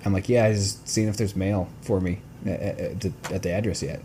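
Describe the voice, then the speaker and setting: A man co-hosting a casual podcast, telling a story with animated swearing and acting out both sides of the conversation. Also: sits low, a little fast, slight background noise. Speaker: podcast co-host. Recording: new, not set up home room.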